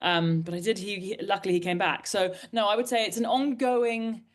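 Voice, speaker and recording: She is an author in her forties from Britain, chatting as an interview guest. Her mid-range voice keeps a steady tone at a slightly fast clip while she tells rambling, candid, self-deprecating stories.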